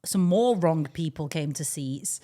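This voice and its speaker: A woman co-hosting a podcast, chatting in a lively way and giggling as she chimes in. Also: sits low, a little slow. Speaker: podcast co-host. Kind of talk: casual chat.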